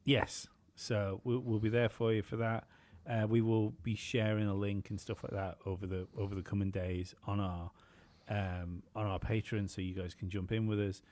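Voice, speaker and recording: A man's voice: on the low side, flat delivery, moderate pace, few pauses, a little mellow. A man co-hosting a podcast, chatting casually, rambling with many fillers and some swearing. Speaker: podcast co-host.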